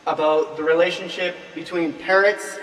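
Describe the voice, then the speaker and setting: A young man hosting a goofy kids' show, playful and jokey, sometimes slipping into squeaky character voices. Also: fairly even intonation, normal speed, fairly bright tone, a little hiss or hum. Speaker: host. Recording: roomy, distant mic with music.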